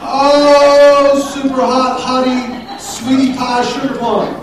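A man's voice: very high-pitched, little pitch movement, slow, voice pushed up. A man voicing a gushing, lovestruck husband who showers his wife with pet names in a sing-song, swooning voice, heard from far off in an echoey hall.

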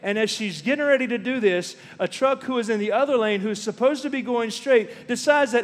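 High-voiced preacher in a reverberant hall. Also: male voice. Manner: storytelling preacher, slows down for emphasis. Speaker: pastor. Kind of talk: sermon.

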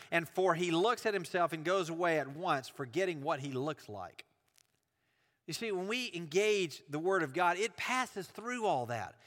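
A man's voice: sits high, sharp tone, long reverb tail. A man preaching a sermon, earnest and building emphasis through repetition.

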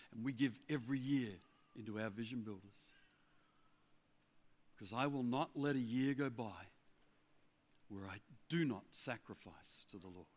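Older man, former pastor, animated sermon storytelling into a stage mic. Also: mid-range voice. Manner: animated, chatty storyteller with asides. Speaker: guest preacher, former pastor of the church. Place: church hall before a congregation.

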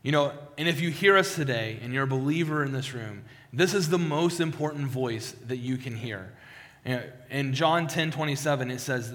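A man preaches in a church sanctuary, his voice trailing off into a long hall reverb. He speaks at an ordinary middle pitch for a man. His delivery is conversational and full of restarts, with words repeated as he works toward a point. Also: moderate pace, a bit bright. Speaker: pastor. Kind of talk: sermon with personal testimony.

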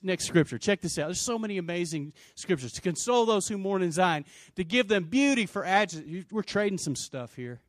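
Animated, high-voiced man preaching. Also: no room sound. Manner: animated, acts out scenes with put-on voices; humorous and conversational with the congregation. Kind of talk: lively sermon.

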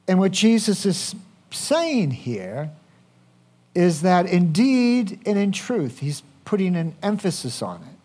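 A man's voice: sits high, very animated, slow, dark tone. A man preaching a sermon, speaking conversationally and asking the congregation questions. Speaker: pastor.

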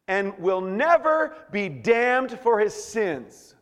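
A man preaches a sermon with a lively, sweeping voice that rises high and drops low. He moves from quiet, slow lines to loud bursts. His voice rings out with a long reverb in a big hall. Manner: animated preaching, swings from hushed to shouting. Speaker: pastor.

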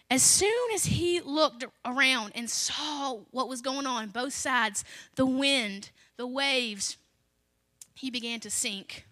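A woman's voice: high-pitched, slow pace, sharp tone. A young adult woman, a children's pastor, preaching a sermon in an emphatic, conversational way, repeating her key lines.

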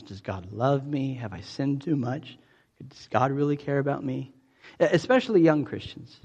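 A man's voice: on the high side, a little mellow, muffled recording. A man preaching a sermon in a conversational way, often restarting his phrases. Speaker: pastor.

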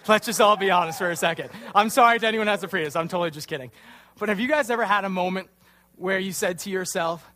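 This youth pastor, a man in his twenties, has a voice on the high side that sounds pushed and bright. He gives a relaxed, self-deprecating sermon to young people in a church, acting out the quotes in a funny story.

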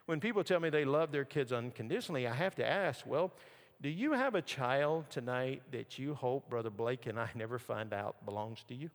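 A man preaching a sermon, telling a story and sinking into soft, low emphasis on key words. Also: lively intonation, moderate pace. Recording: long hall reverb.

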